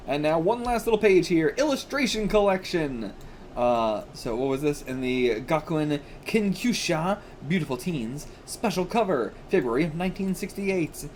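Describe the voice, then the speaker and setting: A man's voice: a little high, darkish tone. A man reacting to old manga on camera, rambling casually with lots of "like" and "you know" and frequent laughs. His voice sits a little above the usual for a man and moves up and down a lot. A faint room hum runs behind him. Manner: chatty, laughs often, fillers like "you know".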